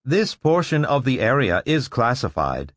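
Stiff polite robot gatekeeper, higher pitched, guy narrating puts it on. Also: sing-song, a little slow, no echo, studio quality. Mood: formal. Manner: formal, mechanical politeness. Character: stiff robot checker guarding a turnstile.

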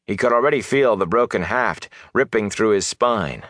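A man narrating a fantasy audiobook with expressive, lively storytelling. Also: lowish voice, normal speed, dry recording, clean studio sound.

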